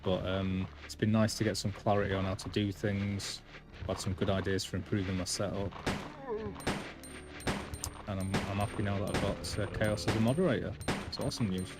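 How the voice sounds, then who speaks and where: A man talks over his live stream as he plays, chatty and a bit self-deprecating. His voice sits on the lower side, and game music plays clearly in the background. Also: little pitch movement, brisk. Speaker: gaming streamer. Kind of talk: casual live-stream commentary.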